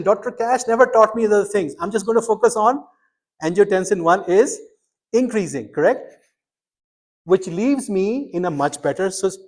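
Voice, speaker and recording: A man's voice: high voice, darkish tone. A middle-aged man teaching a medical school class, quizzing students and explaining step by step with emphatic energy. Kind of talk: interactive classroom lecture.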